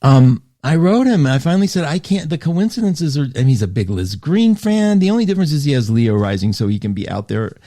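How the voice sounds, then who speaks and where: A male radio host talking to listeners in a chatty, animated way, often breaking off mid-sentence and reading listener comments aloud. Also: medium pitch, fast, few pauses. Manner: chatty, animated, self-interrupting. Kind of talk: live radio show monologue.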